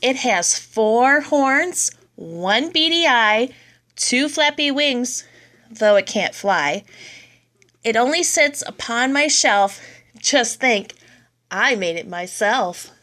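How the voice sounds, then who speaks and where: Woman, reader, children's poems read aloud, lively, expressive, bright tone. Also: a little high, takes it slowly.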